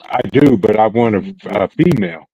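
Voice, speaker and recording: A man's voice: on the low side, expressive, normal speed, dark tone, breathy edge, dry recording. A man hosting a casual group chat over an online call, laid-back and putting questions to the group. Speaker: host. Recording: dull lo-fi call audio.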